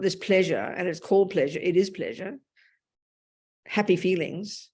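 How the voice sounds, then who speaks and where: A woman's voice: on the low side, moderate pace. Blunt Australian woman teaching. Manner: blunt, animated, colloquial. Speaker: Buddhist teacher. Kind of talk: Dharma talk.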